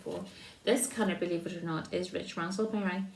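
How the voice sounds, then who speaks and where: A woman demonstrating a card-making craft, talking slowly while she paints and trailing off softly. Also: lowish voice, steady tone, vocal fry. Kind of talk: crafting tutorial. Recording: roomy echo.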